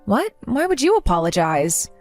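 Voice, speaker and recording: A woman plays a young bride left at the altar, speaking with earnest feeling in a lively, swinging voice. Her tone rides up and down with emotion over faint music. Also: medium pitch, moderate pace. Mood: tearful. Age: young adult. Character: jilted young bride, hurt then resolute. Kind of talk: narrated drama voice acting.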